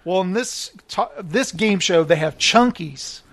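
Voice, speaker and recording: A man hosting a podcast in casual chat, an animated, rambling storyteller who laughs often. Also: sits high, unhurried, dry recording. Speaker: podcast host.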